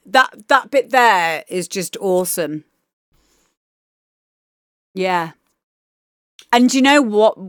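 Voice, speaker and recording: Chatty woman streaming, crisp dry. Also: medium pitch, fairly bright tone, dry recording. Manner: chatty, enthusiastic, swears casually. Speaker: DJ giving feedback on listener demos. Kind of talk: casual livestream chat.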